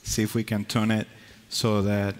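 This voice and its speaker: A man's voice: on the low side, monotone, normal speed. Man, Spanish accent, sermon, pulpit mic, resonant voice, echoing church. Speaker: pastor. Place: church sanctuary. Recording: long reverb of a church sanctuary.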